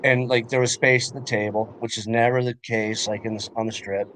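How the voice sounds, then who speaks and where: A man's voice: medium pitch, flat delivery, a little fast, a bit bright, slight background noise. A young man rambling through a personal story in a casual chat, with lots of fillers and swearing. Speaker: podcast co-host.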